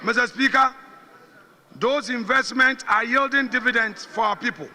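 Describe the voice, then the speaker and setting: A man with a Ghanaian English accent gives a parliamentary debate speech in a very high, extremely forceful voice, pressing his points with repetition. His words ring with long reverb in a large chamber. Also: normal speed. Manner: forceful, combative oratory, repeating phrases for emphasis. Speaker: parliamentary minority leader.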